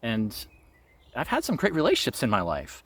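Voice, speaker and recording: A man's voice: mid-range voice, wildly swooping pitch, moderate pace, breathy edge. A man vlogging about his spiritual experiences, telling a personal story in an earnest, reflective way with light laughs.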